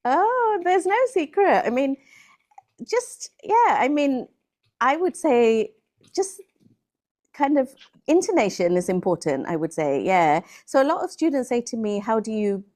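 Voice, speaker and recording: A British woman answers questions about speaking English, explaining with everyday examples. Her voice is mellow and warm, and her intonation rises and falls expressively. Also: on the high side, very animated, unhurried. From Britain. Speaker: English teacher. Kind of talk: interview answers.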